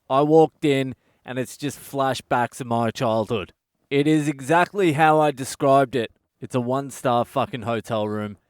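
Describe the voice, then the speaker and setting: A blunt Australian man, host of his own comedy podcast, who tells stories as a sweary, exasperated rant. His voice is smooth and resonant at an ordinary pitch. The sound is dry and close, with no room around it. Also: no room sound. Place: budget hotel room.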